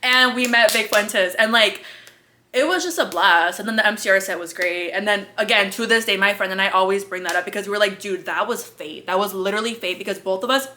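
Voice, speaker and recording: A woman's voice: mid-range voice, fairly quick, pushed and bright, slight background noise. A young woman telling a story in a casual vlog, slangy and profane, rambling with fillers, out of breath and congested. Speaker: vlogger.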